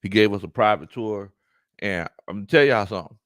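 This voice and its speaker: Gadatliwy prowadzący o sporcie, suche nagranie. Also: male voice, lowish voice, a little fast, no room sound, clean studio sound. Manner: animated, laughs often, shouts out chat names. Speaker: sports talk show host. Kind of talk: live-stream sports talk.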